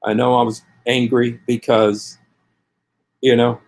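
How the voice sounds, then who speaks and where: A man's voice: mid-range voice, flat delivery, takes it slowly, darkish tone. A man preaching passionately to his viewers, hammering the same phrases again and again and leading them in prayer. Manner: calls listeners to pray along with him. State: angry. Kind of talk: impassioned preaching to camera.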